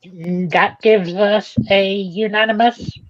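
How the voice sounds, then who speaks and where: A man's voice: high-pitched, steady tone, slow, dull audio. A man co-hosting a casual sports betting podcast, offhand and laid-back. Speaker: podcast co-host.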